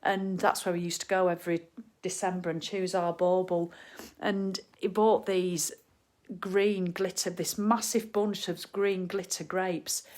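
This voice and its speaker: A woman's voice: on the low side, flat delivery, a little slow, darkish tone. A middle-aged woman, chatting cheerfully and bluntly to viewers while hosting a live stream from her living room at home. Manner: chatty, cheerful and blunt, with mild swearing and laughs. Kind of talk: casual live chat.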